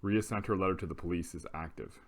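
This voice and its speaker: A male teacher explaining a grammar lesson in a relaxed way, often restarting his sentences. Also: low-pitched, fast talker.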